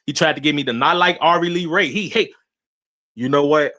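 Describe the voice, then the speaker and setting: Man, young adult, livestream rant, bright, dry close mic. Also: on the high side, fairly quick, dry recording. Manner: animated, laughing, swearing, repeats himself. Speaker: livestream host.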